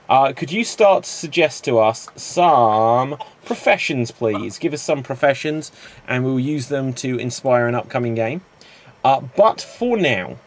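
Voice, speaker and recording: A man hosting an improv comedy show, setting up games and calling time. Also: mid-range voice.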